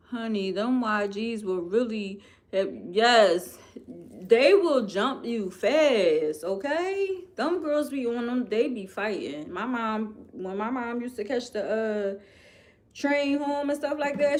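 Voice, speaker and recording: A woman with a Philadelphia accent on a livestream, chatting casually and expressively while reading viewer comments aloud. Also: a little high. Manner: chatty, expressive, addresses viewers as "y'all" and "girl". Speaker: livestream host.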